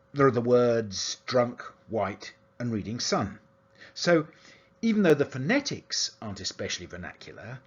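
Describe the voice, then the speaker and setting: A man giving an academic lecture as a university lecturer, explaining an analysis in a steady, methodical way. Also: medium pitch, slightly rough, lo-fi sound. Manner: explanatory, analytical delivery with lively intonation.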